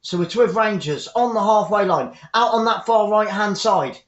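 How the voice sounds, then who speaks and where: Chatty high-voiced male commentator. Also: moderate pace, hardly any pauses. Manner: chatty, upbeat, greets viewers by name. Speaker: football commentator and channel host. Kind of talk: live fan commentary stream. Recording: echoey room, dull lo-fi sound.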